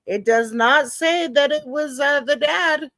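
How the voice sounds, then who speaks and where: A woman with a high voice comments on a trial in real time, unhurried and openly doubtful. Her voice is close and dry against the mic, with no room sound around it. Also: a bit bright, dry recording. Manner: skeptical, talks back to the proceedings. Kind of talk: live reaction commentary.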